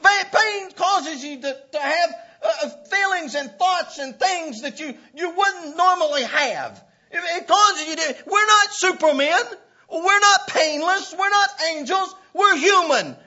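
A man preaching a sermon with passion, often breaking into shouts and laughs. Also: very high voice, animated, unhurried. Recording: dull lo-fi recording.

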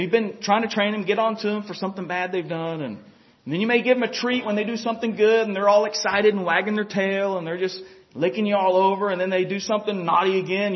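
A man preaching a sermon in a homey, conversational way, often chuckling and saying "you know" to the congregation. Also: high-pitched. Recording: dull lo-fi recording.

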